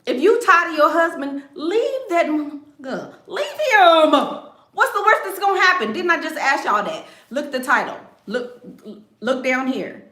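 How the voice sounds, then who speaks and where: A blunt, sassy woman hosts a casual livestream of life advice, joking and laughing as she talks. Her fairly high, bright voice swings up and down a lot. Her voice rings out in a roomy, echoey space. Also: very animated, unhurried.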